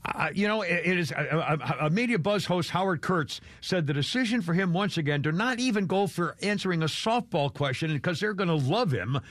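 An older man with a higher-pitched voice hosts a talk radio show. He rambles in a folksy way, with chuckles and filler, into a dry close mic. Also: lively intonation, brisk, few pauses, a bit bright, no room sound. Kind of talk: casual opinionated talk radio.

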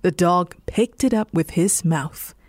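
Slow, soothing bedtime storyteller woman. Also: lowish voice, dry recording, studio quality. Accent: Singaporean English. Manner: slow, soothing, lively intonation.

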